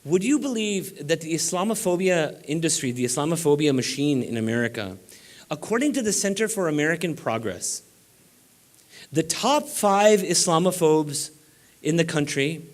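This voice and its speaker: Keynote speaker, male, high-ish voice, emphatic and rallying, banquet speech. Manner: emphatic, exhorting the audience. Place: banquet room before about four hundred people.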